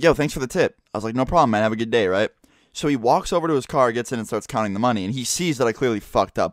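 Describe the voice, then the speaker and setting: Fast-talking, swearing teenage boy. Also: medium pitch, dry recording, studio quality. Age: teens. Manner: rambling, profane, lots of "like". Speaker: storyteller. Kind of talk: casual storytime.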